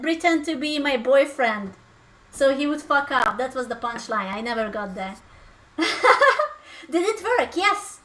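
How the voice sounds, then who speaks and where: Her voice sits high with a fairly bright tone as she chats casually through a live cooking stream. The young woman keeps things playful, dropping into silly sing-song noises along the way.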